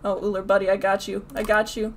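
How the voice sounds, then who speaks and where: A woman's voice: mid-range voice, level tone, quick pace, slight background noise. A young woman streaming a video game, swearing and trash-talking as she plays. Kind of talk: live gameplay commentary.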